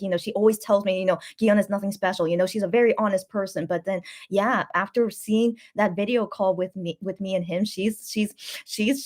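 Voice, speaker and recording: A young woman vlogger in casual late-night chat, excitable and rambling, often repeating her words as she tells a story. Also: medium pitch.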